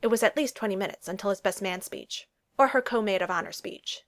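A woman narrating a romance story as an audiobook, in a steady, even storytelling manner. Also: medium pitch, brisk.

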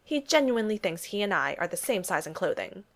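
A woman's voice: mid-range voice, very animated, fairly quick. A woman voicing a flippant, wealthy male joker who talks sarcastically and breezily in a storybook reading. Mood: sarcastic.

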